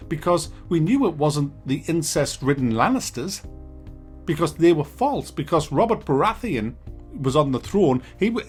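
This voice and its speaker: A man rants through a casual video review, incredulous and sweary, with frequent outbursts of disbelief. His voice is slightly husky and sits a little high for a man. Faint music plays softly behind him. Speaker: game reviewer.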